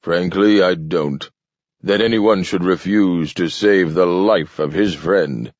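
A man's voice: sits low, takes it slowly, no room sound. A man reading the part of a grave, gray-haired male doctor who talks in a firm, insistent way. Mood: stern. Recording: dull lo-fi dry recording.

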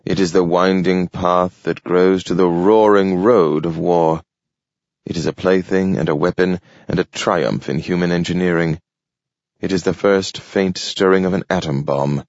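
A man voicing an old, weary male robot with a slow, grave, grating manner. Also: low voice, steady tone, a little mellow, dry recording. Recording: dull lo-fi audio.

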